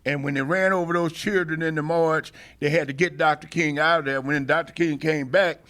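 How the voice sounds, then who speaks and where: An older man telling a long story as an interview guest, passionate and oratorical, often pausing and restarting before building to a rally-speech rhythm. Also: a little high, steady tone, a bit bright. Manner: frequent hesitations and restarts. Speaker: interview guest, veteran activist. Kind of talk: oral history storytelling.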